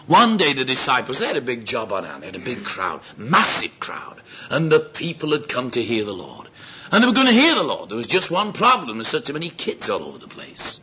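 A man preaching a sermon, telling stories and acting out the voices of the people in them. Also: mid-range voice. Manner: lively, acts out quoted voices. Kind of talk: sermon with storytelling. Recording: dull lo-fi sound with faint noise.

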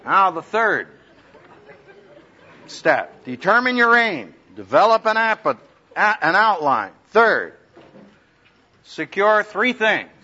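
A man with a high, lively voice gives a sermon-style teaching talk, swinging his pitch widely and bursting into loud quoted voices for laughs. The recording is dull and lo-fi. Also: slow pace, long pauses, a faint crowd. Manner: animated, humorous, acts out quoted voices loudly. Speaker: preacher teaching speaking skills.

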